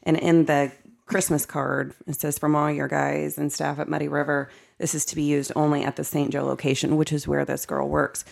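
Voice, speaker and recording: Brief: woman guest, heavy vocal fry, lively emphatic storyteller. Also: deep voice, normal speed. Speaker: podcast guest, co-owner. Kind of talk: casual chat.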